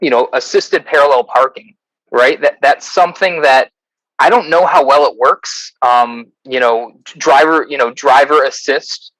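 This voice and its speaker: A man's voice: mid-range voice, measured pace, a bit bright, dry recording, poor audio. Midwestern man explaining in a dry sound. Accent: Midwestern American. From American Midwest. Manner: explanatory, many ums and uhs, self-corrects. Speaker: guest, consultant and author. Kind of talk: explaining concepts in conversation.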